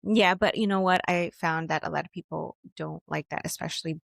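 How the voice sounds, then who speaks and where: Animated woman telling stories in chat. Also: fairly low pitch, fairly quick, vocal fry, no room sound, clean studio sound. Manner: animated storyteller, acts out quotes, laughs. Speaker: podcast co-host. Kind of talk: casual chat.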